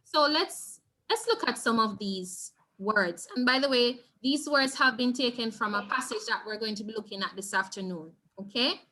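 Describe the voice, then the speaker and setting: A Jamaican woman leads a Spanish revision class online. Her voice is bright and sits somewhat high, and she is patient, often pausing to ask students whether they follow. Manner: patient, repeats key points and checks in with students. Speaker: Spanish teacher.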